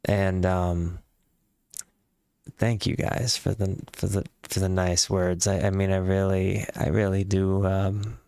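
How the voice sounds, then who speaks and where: A man's voice: sits low, level tone, slow pace, creaky, dark tone, clean tone, no echo, clean studio sound. A man hosting a music reaction video, chatting casually and repeating words as he thinks aloud.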